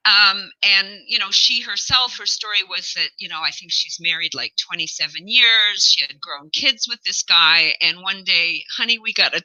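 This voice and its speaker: A woman guest coach in casual chat, animated and joking, rambling through her points. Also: medium pitch, normal speed, hardly any pauses, low-quality recording.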